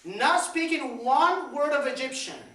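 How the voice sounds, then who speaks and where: A man's voice: very high voice, unhurried. Pastor guy, 30s, chatty sermon, roomy church sound, mic kinda far off. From Puerto Rico. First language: Spanish. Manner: lively, repeats words, questions the congregation. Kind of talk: conversational sermon. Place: church sanctuary. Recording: echoey church, distant mic.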